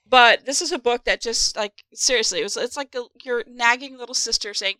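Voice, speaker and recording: A woman co-hosting a podcast, chatting casually as an animated storyteller. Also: medium pitch, fast talker, clear, resonant tone, no echo. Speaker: podcast co-host. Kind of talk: casual podcast chat about a book.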